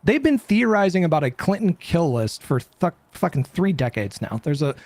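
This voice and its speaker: A man with a slightly high voice explains a point at length in casual political talk, now and then swearing. The sound is close and dry. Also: very animated, normal speed, a little mellow, no echo. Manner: explanatory, profane.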